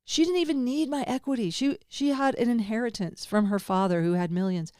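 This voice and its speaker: A podcast host with a slightly high, mellow, clean-toned voice speaks briskly through a personal monologue. Candid and rambling, she swings between laughter and grief and swears casually. The studio sound is clean, with no room sound.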